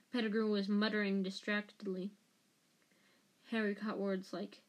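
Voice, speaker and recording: A woman's voice: mid-range voice, flat delivery, normal speed, long pauses. A woman reading a novel aloud chapter by chapter, with occasional stumbles and restarts over the words. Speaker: reader.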